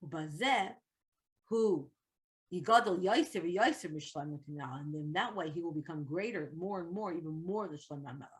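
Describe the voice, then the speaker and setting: A woman's voice: lowish voice, lively intonation, a little fast. A woman teaching an online Torah class, reading Hebrew text and translating it line by line into English.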